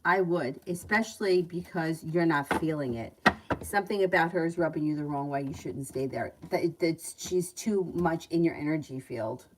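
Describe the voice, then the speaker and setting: A woman's voice: deep voice, moderate pace, a little hiss or hum, poor audio. A woman giving tarot readings on a livestream. She reads out viewers' questions and answers them in a chatty way, laughing easily between readings. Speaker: tarot reader.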